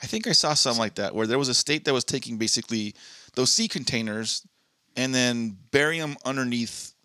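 Brief: male podcast co-host, bright tense tone, dry close sound, loose and profane. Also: medium pitch, fairly quick, no room sound. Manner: reads listener posts aloud, swears freely. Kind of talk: casual chat.

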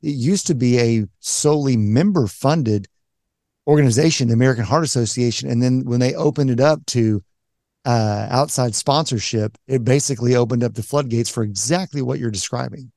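Man, podcast co-host, inquisitive, warm mellow voice, dry close sound. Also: mid-range voice, normal speed, no room sound. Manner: inquisitive, follows up with questions. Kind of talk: casual podcast interview.

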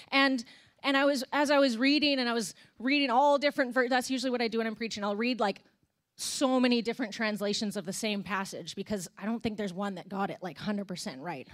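A young woman, a worship leader, preaching a candid, conversational sermon with sighs and emotional moments. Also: a little high.

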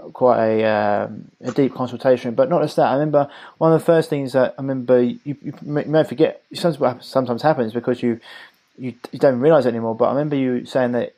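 Fast-talking mellow podcast host. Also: male voice, medium pitch. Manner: rapid, rambling explanations with many restarts. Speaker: podcast host, health coach. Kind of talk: podcast conversation.

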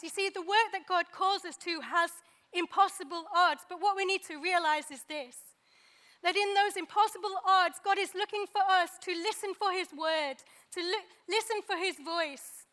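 A woman preaching a sermon, pausing for effect and acting out the lines she quotes. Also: very high voice, pushed and bright. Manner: dramatic pauses, acts out quoted dialogue.

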